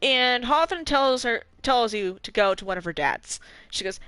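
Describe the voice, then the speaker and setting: Animated young woman streamer, dry close sound. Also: fairly high pitch, moderate pace, no echo. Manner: animated, swearing, laughing asides. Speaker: gaming streamer. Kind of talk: casual story recap.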